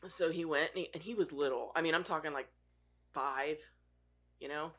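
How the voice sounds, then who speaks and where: A woman's voice: low-pitched, normal speed. A woman telling a family story in a casual podcast chat. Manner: laughing, animated storytelling.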